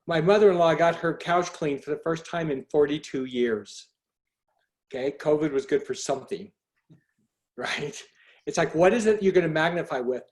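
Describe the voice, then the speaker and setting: A man's voice: a little high, darkish tone. A man hosting a motivational group call, earnest and urging, putting direct questions to his listeners. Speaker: host. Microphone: video call.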